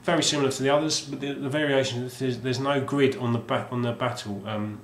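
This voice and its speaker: A man's voice: medium pitch, steady tone, fast talker, a little hiss or hum. A man casually showing off his game collection, rambling and hesitant with lots of ums and restarts. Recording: roomy sound with faint ambience.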